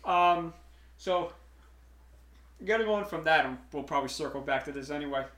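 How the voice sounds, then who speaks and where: A man's voice: on the high side, moderate pace, a bit bright, echoey room. A man hosting a podcast in casual chat, rambling with many fillers and restarts. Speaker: podcast host. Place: room streamed live.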